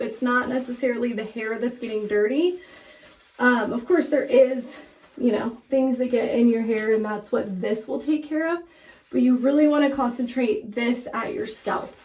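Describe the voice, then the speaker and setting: A slightly breathless woman with a voice on the high side chats through a hair-washing tutorial in her shower, instructive and heavy on fillers. She's a hair care vlogger, and running water plays throughout. The low-quality recording picks her up from far away.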